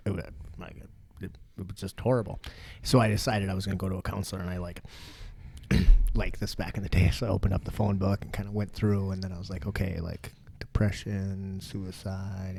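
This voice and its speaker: A man's voice: deep voice, gravelly, a little mellow, breathy edge. A man hosting a podcast, telling a personal story in casual chat, frank and profane, laughing along as he goes. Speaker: podcast host.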